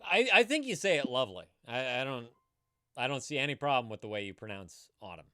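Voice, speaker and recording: A man's voice: medium pitch, very animated, fast talker, pushed and bright, dry recording, clean studio sound. A man co-hosting a live stream, joking around, laughing often and swearing casually. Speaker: co-host.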